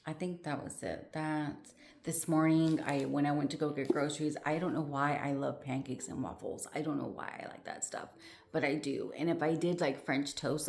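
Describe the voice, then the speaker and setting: Low-voiced, winded woman chatting on a vlog. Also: creaky, a little mellow. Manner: rambling, many fillers and restarts. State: short of breath. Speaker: vlogger. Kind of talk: casual chat to camera.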